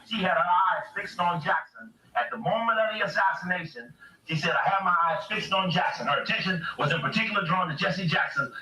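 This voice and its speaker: A man's voice: bright, forceful tone, reverberant, far from the mic, poor audio. A man giving an impassioned lecture, asking rhetorical questions and reading quotes aloud from books. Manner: emphatic, rhetorical questions, acts out quotes with rising pitch. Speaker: speaker reading from books to a camera.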